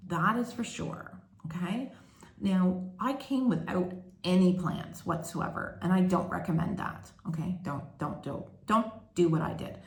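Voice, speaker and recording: Slow-talking woman in an echoey room. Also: lowish voice. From Canada. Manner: candid, chatty storytelling. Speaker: vlogger. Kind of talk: casual confessional vlog.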